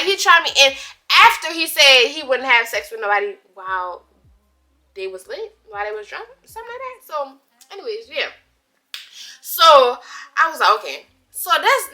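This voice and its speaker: A young woman in a casual storytime vlog, chatty and dramatic, using slang and talking straight to her viewers. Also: high voice. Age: young adult. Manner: chatty, animated, dramatic retelling with asides to viewers; drawled slang, casual speech. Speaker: vlogger.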